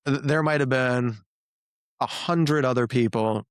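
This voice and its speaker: This podcast host, a man in his thirties, tells stories in relaxed conversation, lively and fond of playful exaggeration. His pitch is medium and his pace unhurried. The recording is clean studio sound without any room tone.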